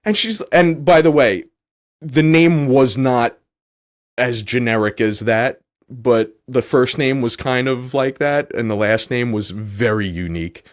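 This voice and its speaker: A man's voice: medium pitch, unhurried. A man hosting a podcast and telling a long story casually, rambling and filling his talk with "like". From New York. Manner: rambling, heavy use of "like". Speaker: podcast host.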